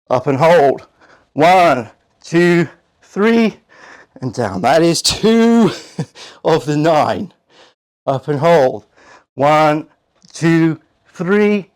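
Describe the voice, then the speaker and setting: Middle-aged guy coaching a workout, out of breath, counting reps slowly. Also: fairly high pitch. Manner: counting reps aloud, encouraging. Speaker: fitness coach. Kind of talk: home workout instruction.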